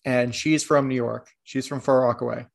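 Male co-host, gravelly, chatty and digressive, mid pitch. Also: fairly even intonation, moderate pace. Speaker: podcast co-host. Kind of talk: casual sports chat.

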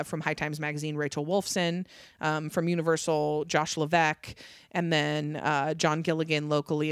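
A young woman comedian chatting casually on a podcast, telling animated stories, swearing freely and acting out what people said. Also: low-pitched, clean tone, no room sound, clean studio sound. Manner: animated storytelling, swears freely, acts out quotes. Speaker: stand-up comedian, guest.

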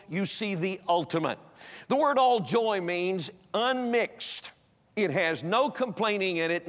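Older male preacher, slightly high-pitched, emphatic pulpit delivery, recorded in a long-reverb auditorium. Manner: emphatic, swings from loud exhortation to hushed storytelling. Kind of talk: sermon. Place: church auditorium.

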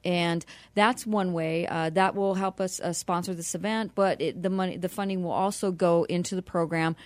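A woman's voice: lowish voice, steady tone, moderate pace, darkish tone, dry recording. A woman who runs a nonprofit, speaking earnestly as a radio interview guest and spelling out details carefully. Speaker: nonprofit executive director, guest.

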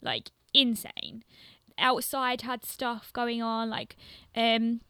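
Chatty London woman with a gravelly, bright voice. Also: on the high side, big pitch swings, slow, no echo, studio quality. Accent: London English. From London, England. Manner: chatty, laughs often, fills with "like" and "um". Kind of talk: casual chat.

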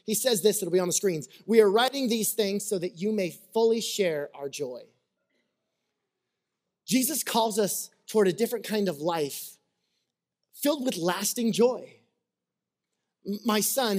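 Animated man preaching a conversational sermon. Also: high voice. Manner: animated storyteller, acts out little scenes; conversational, checks in with listeners. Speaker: pastor.

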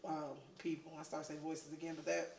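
A woman's voice: deep voice, little pitch movement, a little fast, creaky, a crowd in the background. A woman co-hosting a casual chat podcast, joking and laughing often between points. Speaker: podcast co-host. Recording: roomy, distant mic.

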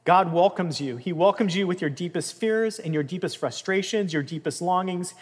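A man preaching a sermon in an earnest, emphatic way, rising in intensity and dropping softly. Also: high voice, moderate pace, breathy edge. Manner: earnest, emphatic, with swells of intensity and soft drops. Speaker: pastor. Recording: long reverb of a large room.

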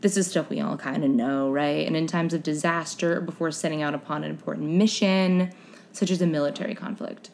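Young woman, podcast host, lowish voice, casual, reads notes, wry asides. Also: steady tone, fairly quick, creaky, darkish tone, slight background noise. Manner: chatty, wry asides, stumbles over unfamiliar names. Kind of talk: casual chat, reading history notes aloud.

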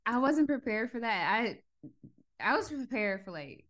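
A woman co-hosting a podcast, recapping a film in relaxed, conversational chat with casual slang. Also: a little high, a little slow.

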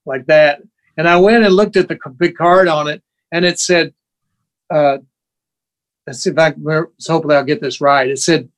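Man in his sixties telling animated stories. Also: a little high, moderate pace. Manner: animated anecdotes, acts out quoted voices; emotional, sentimental. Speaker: guest musician. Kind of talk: casual storytelling chat.

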